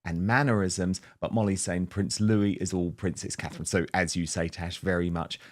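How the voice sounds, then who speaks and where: A man's voice: low voice, fairly even intonation, moderate pace. Chatty man hosting a talk show. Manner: chatty, reads out viewer comments. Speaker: show host. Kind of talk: casual chat.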